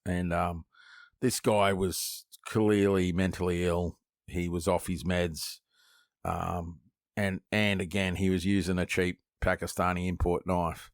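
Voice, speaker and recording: Podcast guest: Australian man, deep voice, dry close sound, rambling swearing storyteller. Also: measured pace, no room sound. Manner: lively storyteller, swears freely, acts out quoted voices; many false starts and repeated words. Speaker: guest knifemaker. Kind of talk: casual podcast interview.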